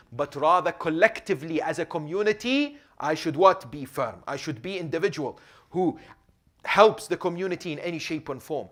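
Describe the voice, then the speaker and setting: A man giving a religious lecture in a mosque, telling a story with big swings between soft low asides and loud raised points, often checking in with "Yes?". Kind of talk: sermon. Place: mosque hall.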